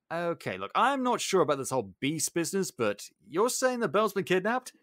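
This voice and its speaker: A man putting on a vain young village hunk, smug and self-satisfied, in a lively retelling. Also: high voice, moderate pace, no room sound, studio quality.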